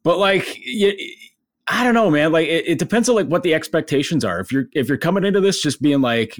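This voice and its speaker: Man, sports reporter co-host, halting self-mocking chat, lively pitch, dry sound. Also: dry recording. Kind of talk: casual chat.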